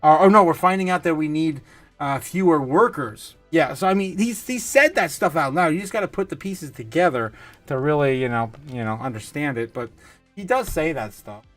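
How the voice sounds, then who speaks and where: A man's voice: fairly high pitch, expressive, normal speed, fairly bright tone, faint music behind. A man hosting a casual livestream, reading viewer comments aloud and laughing often, close to a desk mic. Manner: giggly, laughs often, reads chat aloud. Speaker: livestream host.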